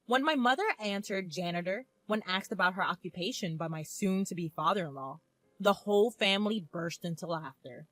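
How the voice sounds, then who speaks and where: A woman in her twenties narrating a first-person story in a calm, reflective manner. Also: on the low side, normal speed, dry recording. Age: 20s.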